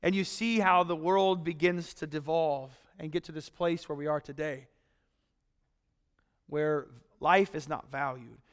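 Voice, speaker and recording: A pastor preaching a sermon in a conversational way, retelling a story and acting out the voices of the people in it. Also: male voice, on the high side, fairly even intonation, unhurried, smooth, long reverb tail.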